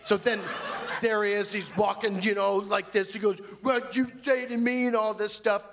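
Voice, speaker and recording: A man's voice: sits high, level tone, normal speed, a bit bright. A man playing a flamboyant, fussy character in a live comedy monologue, rambling in a prissy, gossipy way on a stage mic. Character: flamboyant, fussy, chatty man telling a grievance. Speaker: stand-up comic in character.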